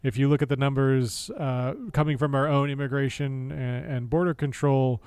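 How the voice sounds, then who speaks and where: An American man streaming casual political commentary, sarcastic and laughing often, with halting speech full of fillers and restarts. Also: mid-range voice, flat delivery, a little mellow, clear, resonant tone, no room sound. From United States.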